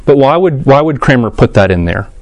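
Medium-pitched, expressive and a little mellow, a man speaks briskly with no echo. He runs a casual adult church class, thinking aloud with ums and restarts and asking the group questions.

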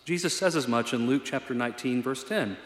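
A man's voice: medium pitch, a little fast. A man preaching a sermon as a pastor, conversational and earnest, with a self-deprecating touch. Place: church sanctuary. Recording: echoey hall reverb.

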